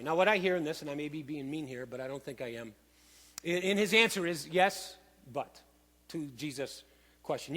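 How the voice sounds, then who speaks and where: A man preaching a sermon, emphatic and animated, with dramatic asides. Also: on the high side, moderate pace. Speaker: pastor. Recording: long hall reverb.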